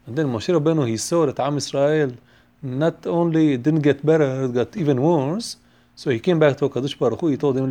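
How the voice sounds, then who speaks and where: Fast-talking man teaching a Torah class. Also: fairly high pitch, mellow. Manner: mixes Hebrew quotes into English, chanting the verses quickly; non-native English with frequent restarts. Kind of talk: Torah class on the weekly portion.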